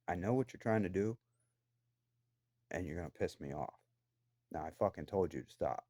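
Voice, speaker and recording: A man's voice: low voice, animated, moderate pace, pauses often, mellow, no echo. A man delivering an angry, profane, accusatory rant to the camera from his own room downstairs in a house. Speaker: vlogger.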